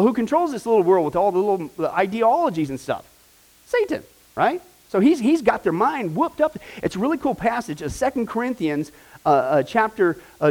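A man's voice: sits high, a little mellow, low-quality recording. A man teaching a Bible discipleship class in a conversational way, often checking in with "right?" and "okay?".

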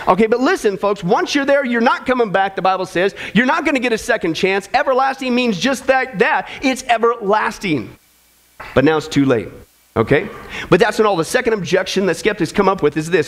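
A man preaching in a notably high voice, with a loose, joking, conversational style. He keeps checking in with the audience with "folks" and "okay?" as he moves from jokes to warnings. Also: animated, brisk, fairly bright tone. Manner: casual, jokey, keeps saying "folks" and "okay?". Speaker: pastor. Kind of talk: sermon with jokes.

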